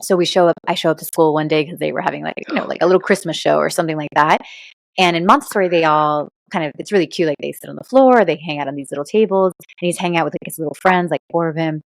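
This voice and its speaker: A Cuban-American woman, a guest on a podcast, chatting casually and telling animated stories with plenty of fillers. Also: deep voice, quick pace, creaky, no room sound. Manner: animated storyteller, many fillers. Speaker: guest, intuitive reader and author.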